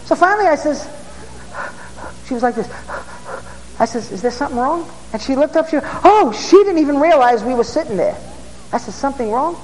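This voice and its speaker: A man, a preacher and former police officer, telling stories in a sermon, bursting into shouts and asking for amens. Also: extremely high pitch, fairly quick, pauses often, big-room sound, a little hiss or hum, poor audio. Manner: excitable, bursts into shouts, asks the crowd for amens. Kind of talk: storytelling sermon.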